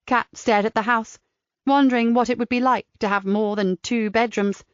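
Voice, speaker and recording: A woman reads a crime novel aloud in a measured, descriptive way. The recording is dry and close, with a slightly muffled tone. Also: fairly high pitch, fairly even intonation, clean tone, no echo. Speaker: audiobook narrator. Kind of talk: scripted narration. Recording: dry, slightly dull studio sound.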